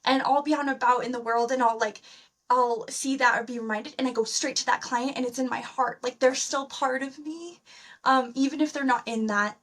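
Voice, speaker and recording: A woman's voice: sits high, fairly quick, distant mic. A woman therapist, a guest on a podcast, speaking enthusiastically and animatedly, with many uses of "like". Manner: enthusiastic, animated, heavy use of "like". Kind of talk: conversational podcast interview.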